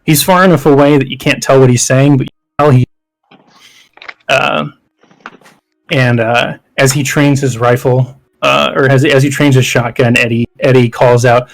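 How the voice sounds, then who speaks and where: A man's voice: mid-range voice, fairly even intonation, moderate pace, creaky, low-quality recording. A man narrating as game master, rambling with lots of fillers.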